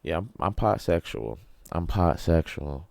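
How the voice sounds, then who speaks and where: A man's voice: sits low, big pitch swings, unhurried, vocal fry, darkish tone, no echo. A man in his thirties hosting a solo podcast, rambling and joking in a loose, profane way. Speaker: podcast host. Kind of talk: casual solo rant.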